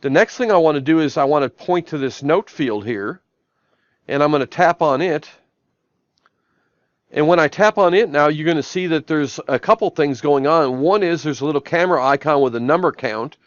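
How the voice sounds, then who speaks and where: In a lo-fi, echo-free recording, a software trainer with a voice on the high side demos a shop tablet app live from his office at a normal speed. He narrates step by step, saying "I'm gonna" ahead of each action.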